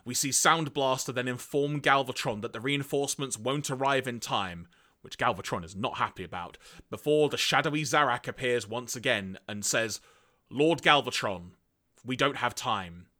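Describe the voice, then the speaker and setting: A man's voice: medium pitch, moderate pace. A man co-hosting a podcast, recapping episodes in a casual, storytelling way. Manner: storytelling, animated. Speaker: podcast co-host recapping a cartoon.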